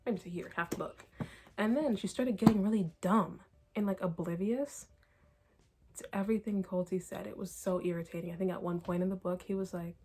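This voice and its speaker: A young woman rants through a casual book review at home, her voice sitting in a middling pitch. She talks in a chatty, exasperated way, full of fillers and quick laughs. A faint hiss runs under the recording. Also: fairly even intonation, darkish tone.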